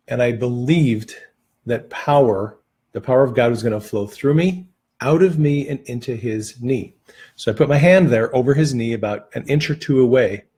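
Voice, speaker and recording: Male teacher, mid-pitched, slightly husky, relaxed storyteller with filler pauses. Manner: relaxed storytelling with frequent "uh" and restarts. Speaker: Christian teacher on healing prayer. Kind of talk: teaching through personal stories.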